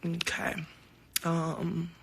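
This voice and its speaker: A woman with a lowish voice, drawn-out words and vocal fry talks to fans on a phone-camera livestream, with slight background noise. Candid and heartfelt, she curses freely and tells animated stories full of quoted exchanges.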